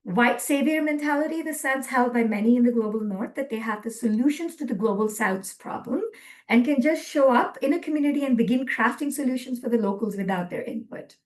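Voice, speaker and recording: A woman presenting a webinar lecture from slides, earnest and measured, with frequent ums. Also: on the high side.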